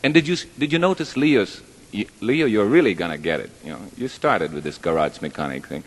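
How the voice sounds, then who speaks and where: Lively intonation marks this man's voice, which sits on the low side and moves briskly. He's a stage performer doing live stand-up in a large hall with an audience, rambling chattily and poking fun at himself. There's a long hall reverb and a little hiss or hum.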